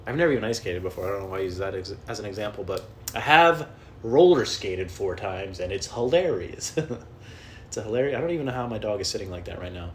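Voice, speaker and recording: Fast-talking and lively in intonation, this man has a lowish voice with slight background noise behind him. A young adult comedian podcasting alone from his home, he curses, pokes fun at himself, and jumps between subjects as he rambles.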